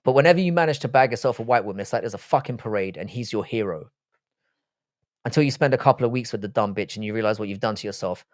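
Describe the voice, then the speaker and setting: A man's voice: fairly low pitch, fast talker, dry recording, studio quality. Offhand, foul-mouthed male livestream host. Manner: profane, offhand, reading chat messages aloud and replying. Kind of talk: casual livestream chat.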